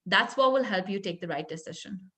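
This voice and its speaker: A woman giving closing remarks as a guest presenter in a webinar, speaking in a friendly, advising way with soft fillers, heard over a video call. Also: mid-range voice, animated, brisk.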